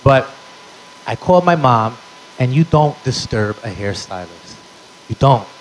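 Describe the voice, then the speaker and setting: A man's voice: mid-range voice, expressive, measured pace, a little hiss or hum, rough recording. A man telling a stand-up story in a brash, profane way, tossing in Spanish phrases. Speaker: stand-up comedian.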